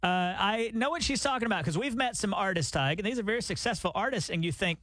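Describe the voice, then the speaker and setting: A man's voice: high voice, animated, fast, fairly bright tone, no room sound. A man hosting a chatty talk show, telling stories and setting up clips for his co-host. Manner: chatty, storytelling. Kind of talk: casual radio chat.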